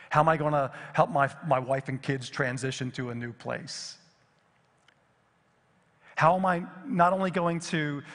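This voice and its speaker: A middle-aged man preaching a sermon as pastor, swinging from lively emphasis to hushed, near-whispered repetitions. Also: medium pitch. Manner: dynamic, drops to near whisper on repeated phrases. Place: church sanctuary. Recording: long reverb of a church hall.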